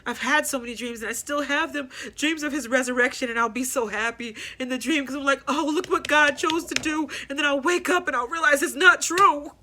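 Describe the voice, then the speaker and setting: A woman hosting a personal grief podcast, talking candidly and haltingly, repeating herself as she works through her thoughts. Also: sits high, pushed and bright, slight background noise. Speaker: podcast host.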